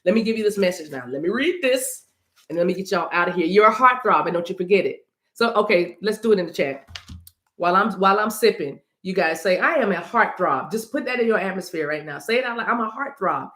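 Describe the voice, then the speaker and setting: A woman's voice: fairly low pitch, expressive, a little fast, a bit bright, roomy sound. A woman doing a casual livestream card reading, chatting with her audience and reading messages aloud. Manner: chatty, sings snippets, addresses chat directly. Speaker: spiritual reader.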